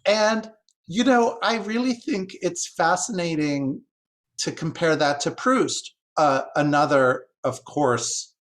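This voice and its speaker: A man's voice: a little high, slow pace, fairly bright tone. A man speaking as a guest translator in a discussion, musing and hesitant, with many "like"s as he works through ideas. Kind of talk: discussion talk, thoughtful.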